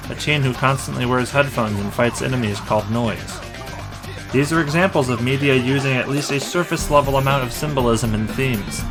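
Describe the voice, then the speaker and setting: Dry, sarcastic male movie reviewer. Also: mid-range voice. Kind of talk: scripted review voice-over.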